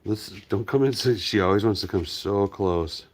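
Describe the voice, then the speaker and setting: Brief: very low-voiced male host, relaxed live-stream chat, dotes on his pets between comments. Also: moderate pace. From United States. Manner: talks fondly to his dogs while reading viewer comments. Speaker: farm hospice channel host.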